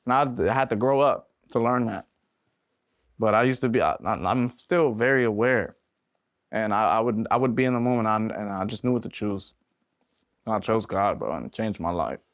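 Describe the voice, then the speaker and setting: A man's voice: medium pitch, a little fast, no echo. Young man, casual storytelling, slangy, acts out voices, dry close sound. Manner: animated, slangy, acts out voices in his stories. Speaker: podcast guest, independent musician.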